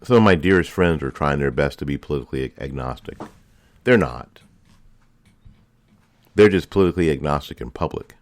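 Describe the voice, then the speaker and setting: Deep-voiced impassioned male commentator. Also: animated, brisk, pauses often, no room sound. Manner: impassioned, repetitive rhetorical questions. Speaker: political commentary host. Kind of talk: opinion monologue.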